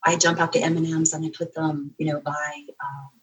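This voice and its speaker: A woman's voice: low-pitched, brisk. Chatty woman on a podcast, lots of "like", a little far from the mic. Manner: animated, lots of "like" and "you know". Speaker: guest, comedy author. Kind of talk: podcast interview, storytelling.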